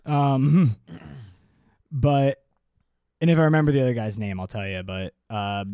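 A man co-hosting a casual podcast, talking in an animated way and slipping into silly high impressions. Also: measured pace, clear, resonant tone, dry recording, clean studio sound. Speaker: podcast co-host. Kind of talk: casual chat.

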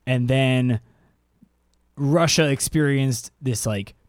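A man co-hosting a casual comedic podcast chat, jokey and profane, sometimes jumping into high silly voices. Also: slow, no room sound, studio quality. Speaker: podcast co-host.

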